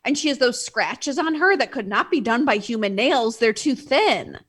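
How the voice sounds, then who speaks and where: A woman co-hosting a podcast in casual chat, animated and full of "like" fillers. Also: fairly high pitch, moderate pace, husky. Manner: animated, often acts out quotes, many "like" fillers. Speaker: podcast co-host.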